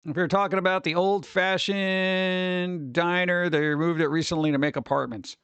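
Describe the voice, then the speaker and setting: A man chatting casually on a live stream, reading chat and reacting with quick exclamations. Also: sits high, fairly even intonation, fairly bright tone, clear, resonant tone, no room sound.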